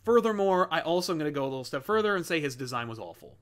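A man's voice: on the high side, very animated, a bit bright. A man co-hosting a comics review show, giving blunt opinions in casual chat with lots of filler words. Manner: opinionated, talks in quick bursts with many "like" fillers.

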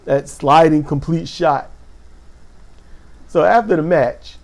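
A man with a gravelly voice giving a casual, animated spoken recap of a show, acting out quotes with sudden high exclamations. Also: slow pace. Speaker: wrestling show recap host.

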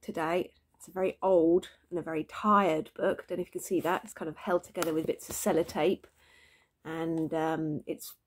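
A woman teacher reading a book of poems aloud to her class in lively, expressive storytelling. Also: low voice, normal speed. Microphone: phone camera.

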